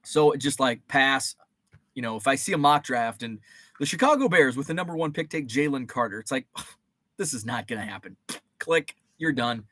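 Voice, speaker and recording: A man's voice: mid-range voice, animated, moderate pace, fairly bright tone, dry recording. A man hosting a casual livestream, rambling between topics and reading viewer comments aloud. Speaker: host.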